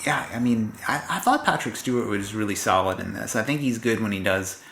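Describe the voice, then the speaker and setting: A man's voice: lowish voice, lively intonation, brisk, creaky, fairly bright tone, a little hiss or hum. A man hosting a casual film-discussion podcast, chatty and swearing, with many fillers. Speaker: podcast host. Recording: roomy echo.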